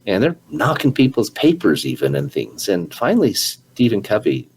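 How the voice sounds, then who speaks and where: A man's voice: on the low side, huge pitch swings, moderate pace, a little mellow, husky, rough recording. A man hosting an interview, earnestly retelling a story and sharing his own experience, often restarting his words. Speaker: podcast host. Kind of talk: conversational storytelling.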